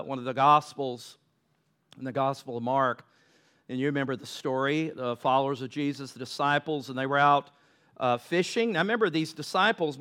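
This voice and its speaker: Smooth-voiced man preaching. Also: a little high, a bit bright. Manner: conversational preacher, builds to impassioned pleas. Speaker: pastor. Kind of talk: sermon.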